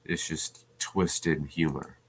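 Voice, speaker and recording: Man, reaction commentary host, extremely deep voice, dismissive. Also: fairly even intonation, takes it slowly, a little hiss or hum. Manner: scornful, dismissive. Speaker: channel host.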